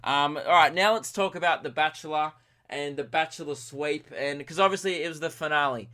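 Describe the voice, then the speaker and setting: A young man in his early twenties with an Australian accent, telling a comic story on his own podcast in a rambling, self-mocking, excitable way. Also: a little high, brisk. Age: early 20s. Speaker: podcast host.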